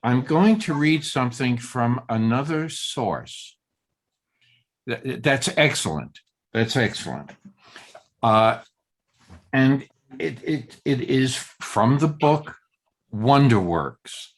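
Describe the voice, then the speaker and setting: A man leading a group Torah study discussion, halting and searching for words as he reads passages aloud and weighs which word to stress. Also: mid-range voice, expressive.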